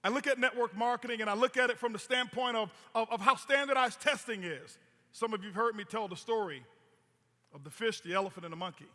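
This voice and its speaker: A man's voice: high voice, brisk, sharp tone. A man giving a stage presentation as a motivational speaker, telling stories with emphatic repetition. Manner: storytelling, emphatic, repeats words. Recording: long hall reverb.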